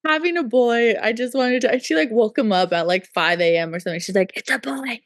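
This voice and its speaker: A woman's voice: on the high side, brisk, no echo, studio quality. A woman co-hosting a podcast, retelling a story in casual chat with lots of "like" and "um" and acting out the quotes. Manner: chatty storytelling, acts out quotes, many likes and ums. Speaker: podcast co-host.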